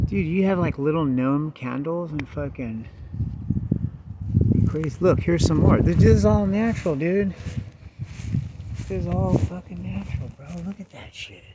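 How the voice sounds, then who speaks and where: A man vlogging outdoors on a hillside, talking in laid-back stoner slang, swearing and saying dude a lot. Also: a little high. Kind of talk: casual outdoor vlog. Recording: dull lo-fi sound with background noise.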